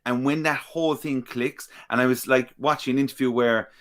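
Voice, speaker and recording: A man co-hosting a gaming podcast at an ordinary middle pitch. He rambles with enthusiasm and repeats words over and over for emphasis. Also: steady tone, fairly quick. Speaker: podcast co-host. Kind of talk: casual chat.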